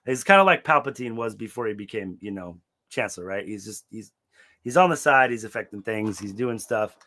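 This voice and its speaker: A young man co-hosting a book podcast in casual chat, laid-back and swearing freely, acting out quotes with sudden loud yelps. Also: lowish voice, expressive, brisk. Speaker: podcast co-host recapping a book series.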